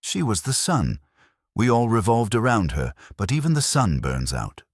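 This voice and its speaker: A man voicing a soft-spoken French dancer. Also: fairly low pitch, sing-song, moderate pace, slightly rough, no echo, studio quality, voice pushed up. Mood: guarded. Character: composed French female understudy dancer.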